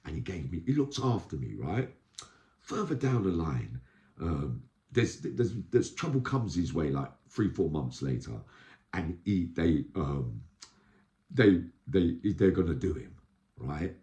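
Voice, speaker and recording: A man tells stories in a deep voice that swings widely in pitch. He uses street slang and acts out the people he quotes. The sound is echoey, as in a bare room. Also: very animated, a little slow, mellow. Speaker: vlogger recounting prison life. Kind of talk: casual storytelling monologue.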